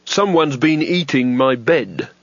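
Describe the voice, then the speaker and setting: A man's voice: medium pitch, lively intonation, slow, dry recording, lo-fi sound. A man voicing a gloomy, cowardly male wizard with a dry, sardonic delivery.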